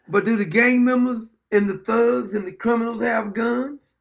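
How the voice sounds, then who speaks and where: A man's voice: very high-pitched, moderate pace, creaky. A man hosting a commentary show, reacting to news clips in a blunt, mocking way.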